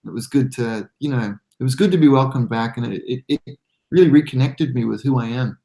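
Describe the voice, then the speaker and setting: A man's voice: mid-range voice, a little fast, dark tone. An Australian man, a guest on a hobby podcast, telling long stories in a casual, rambling way with many restarts and self-deprecating laughs. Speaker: guest modeler.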